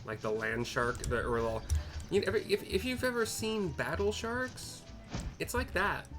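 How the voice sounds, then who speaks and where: A man's voice: sits high, animated, normal speed. Brief: man, casual game-playthrough narrator, rambling, self-correcting, faint music underneath. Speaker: gameplay narrator.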